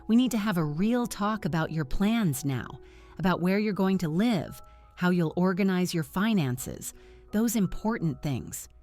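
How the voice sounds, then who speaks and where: A woman's voice: fairly low pitch, lively intonation, measured pace, darkish tone, soft background music. A woman voicing a harsh, scheming middle-aged mother-in-law who speaks with cold venom. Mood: bossy.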